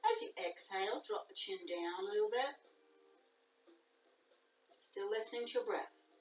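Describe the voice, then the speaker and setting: A woman teaching a guided yoga class, calm and soft-spoken, often dropping to a near whisper. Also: medium pitch, moderate pace. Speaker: yoga instructor. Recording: echoey room, voice from a distance.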